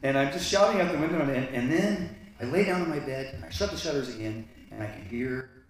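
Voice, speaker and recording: A man telling a personal story live on stage, animated and full of restarts. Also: mid-range voice, fast. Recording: echoey hall from far off.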